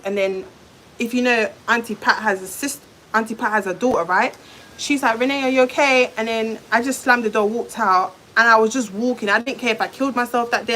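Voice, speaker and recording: A woman's voice: medium pitch, fairly bright tone. A woman on a live stream, telling her viewers a heated personal story in a blunt, swearing, direct way. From London. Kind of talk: emotional live-stream rant.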